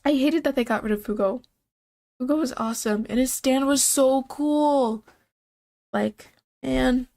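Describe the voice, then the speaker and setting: A woman's voice: fairly high pitch, darkish tone. Young woman streamer, congested and nasal-sounding, loose rambling chat. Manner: chatty, rambling, laughs often.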